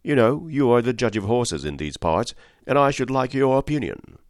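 Reading the part of a breezy military captain with an offhand way of talking, a man pitches his medium voice above his natural one. His delivery is very animated and normal in speed, captured as clean studio sound with no room noise.

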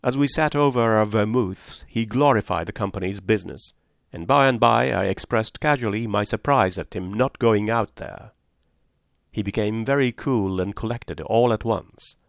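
A man narrating a story for an audiobook in a measured, steady way. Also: on the low side, creaky, no room sound, clean studio sound.

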